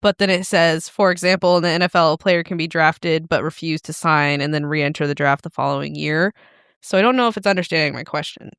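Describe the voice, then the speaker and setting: A woman's voice: deep voice, a little fast, a bit bright, smooth, dry recording, clean studio sound. A woman co-hosting a casual podcast, easygoing and agreeable. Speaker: podcast co-host. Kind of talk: casual chat.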